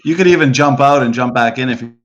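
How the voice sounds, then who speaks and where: A man moderating an online debate, relaxed and joking, with lots of fillers as he manages the call. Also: medium pitch, fast talker, a little hiss or hum. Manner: laid-back, joking, filler-heavy. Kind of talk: casual moderating. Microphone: video call audio.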